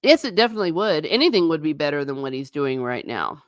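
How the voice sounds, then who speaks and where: A woman hosting a casual livestream, rambling in an animated way and talking straight to her viewers in chat. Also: deep voice, fast, no echo, clean studio sound. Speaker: livestream host.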